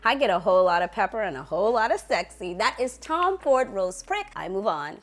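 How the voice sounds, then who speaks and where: A woman's voice: medium pitch, big pitch swings, brisk. A young woman reviewing perfumes in a casual vlog, gushing and playful, lingering over sensual words. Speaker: fragrance reviewer.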